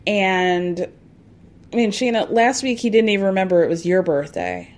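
A woman's voice: medium pitch, sing-song, normal speed, darkish tone. Opinionated woman recapping reality TV. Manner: opinionated, sarcastic, exasperated asides; acts out quotes in put-on voices. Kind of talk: casual recap commentary.

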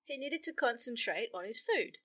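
A woman's voice: fairly high pitch, animated, normal speed, bright, forceful tone. A woman co-hosting a casual podcast chat, chiming in with dry wisecracks. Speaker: podcast co-host.

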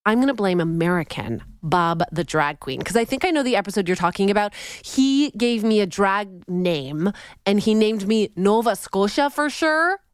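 A Canadian-born woman hosting a podcast, talking in an animated, playful, theatrical way. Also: medium pitch, moderate pace, clean tone, dry recording, studio quality. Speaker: podcast host. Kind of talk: casual podcast chat.

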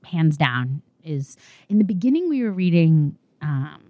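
A young woman, a new mother, telling stories as a podcast guest. She talks in a lively, animated way, acting out what she said. Her voice is a touch low and sounds dry and close to the mic. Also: measured pace, no room sound, lo-fi sound. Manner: animated storytelling, laughing, acting out quotes. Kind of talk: casual interview chat.

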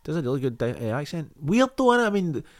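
A man's voice: a little high, very animated, fast. A Scottish man giving casual movie commentary on a podcast, laughing often and swearing freely. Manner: laughing, profane, enthusiastic. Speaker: podcast co-host.

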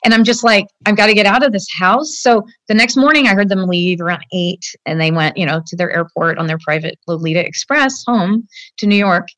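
A woman's voice: fairly low pitch, fairly quick, fairly bright tone, no room sound. A woman in her fifties, a guest telling her own story in an earnest, emotional way, often adding "like" and "you know" and speaking straight to the hosts. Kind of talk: personal account in a conversation.

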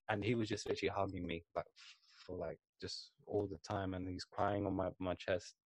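A man's voice: low-pitched, level tone, quick pace, no room sound. A young man from England in casual chat, telling a story in a rambling way with many fillers.

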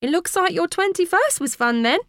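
A woman's voice: extremely high pitch, expressive, moderate pace, fairly bright tone, no echo, pitched above the performer's own voice, exaggerated voice. A woman voicing a dry, wry mother of a grown daughter.

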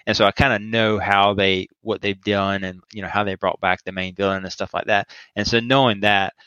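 A man with a lowish voice rattles along quickly in a rambling, jokey podcast chat and acts out the lines he quotes. The audio is dry and a bit dull, like a lo-fi mic. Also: level tone, pushed and bright, smooth, no echo. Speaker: podcast co-host. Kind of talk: casual chat, movie review.

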